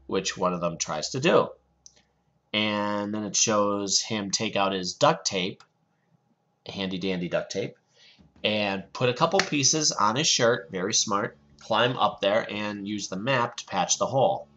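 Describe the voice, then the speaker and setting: Middle-aged male podcast host, casual and eager recap delivery, lowish pitch, dull lo-fi recording. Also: expressive, measured pace, fairly bright tone, soft background music. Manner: enthusiastic, repeats phrases like "love it".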